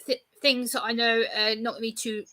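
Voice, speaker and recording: A woman in her thirties, a guest in a casual interview, telling stories in an animated way and acting out exchanges. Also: a little high, fairly quick. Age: 30s. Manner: animated storyteller, acts out exchanges.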